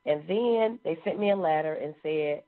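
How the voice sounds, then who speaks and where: A woman sharing a personal testimony in an animated storytelling manner. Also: low-pitched, moderate pace. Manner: animated, acts out quoted voices. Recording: phone-like narrow sound.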